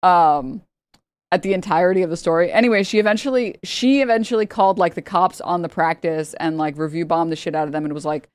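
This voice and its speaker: A woman's voice: lowish voice, fast, smooth, no echo, clean studio sound. A woman streamer telling a rambling story in casual chat, laughing often and mimicking the people in it. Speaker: livestreamer. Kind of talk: casual storytelling to a live audience.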